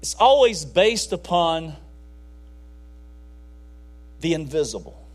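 Man, high voice, preacher, folksy sermon, conversational with sudden emphasis. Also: big pitch swings, takes it slowly.

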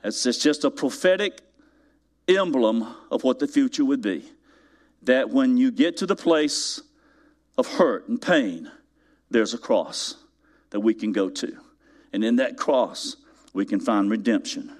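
A pastor with a mid-range voice preaches a sermon in church, speaking a little slowly with long pauses. He tells a story animatedly, building to loud, emphatic peaks and putting rhetorical questions to his congregation.

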